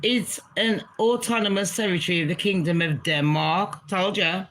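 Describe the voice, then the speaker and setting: A woman's voice: on the low side, normal speed, hardly any pauses, fairly bright tone, a little hiss or hum. A woman livestreaming and ranting to her chat in a blunt, profane, mocking way. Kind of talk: casual livestream rant to chat.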